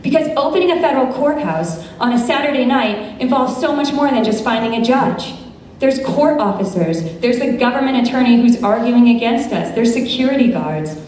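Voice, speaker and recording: An American woman in her thirties, an attorney, telling a true story on stage with lively quoted dialogue. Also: on the high side, brisk, a little hiss or hum. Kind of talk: live storytelling performance. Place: large event space, live audience. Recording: echoey room from far off.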